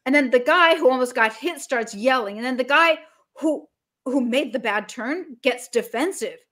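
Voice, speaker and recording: A woman business coach talking as a podcast guest, energetic and emphatic, acting out little scenes as she explains. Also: high voice, normal speed.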